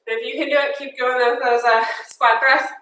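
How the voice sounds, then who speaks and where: A woman's voice: high voice, little pitch movement, normal speed, bright, forceful tone, a little hiss or hum. A young woman leading an interval workout, counting down and cheering people on while out of breath. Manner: upbeat cueing, counting down and cheering on. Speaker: fitness instructor. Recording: echoey room, mic far off.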